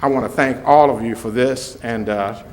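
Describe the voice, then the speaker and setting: A man's voice: medium pitch, background noise. An older man from Mobile, a retired news anchor giving a heartfelt speech and telling joking stories. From Mobile, Alabama. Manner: slow, warm storytelling with joking asides.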